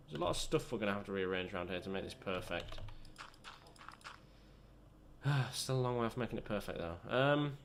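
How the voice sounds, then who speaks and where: A man's voice: lowish voice, expressive, fairly quick, long pauses, a little hiss or hum. A young British man chatting and rambling in a self-deprecating way while commentating his own gameplay. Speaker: gaming channel host. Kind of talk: let's play commentary.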